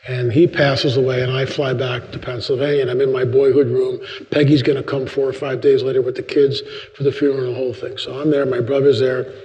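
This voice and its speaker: An older man, a guest speaker at a church, telling stories in a sermon, acting out voices with big jumps in pitch. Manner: animated storyteller, acts out dialogue with big pitch jumps. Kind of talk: storytelling sermon. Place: church sanctuary. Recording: long reverb of a church hall.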